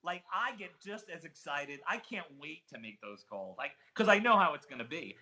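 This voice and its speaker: A middle-aged man with a New Jersey accent, an excitable storyteller giving an interview as a casino host trainer. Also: a little high, moderate pace, few pauses, rough recording. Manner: excitable storyteller, calls listener buddy. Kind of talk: animated interview talk.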